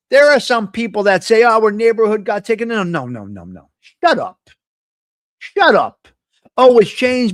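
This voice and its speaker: A blunt, foul-mouthed New man holds forth on his live coffee-talk show, his voice pitched high for a man. The sound is close and dry, with no room echo. He rants in a loose, conversational way. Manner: blunt, profane, ranting. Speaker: host.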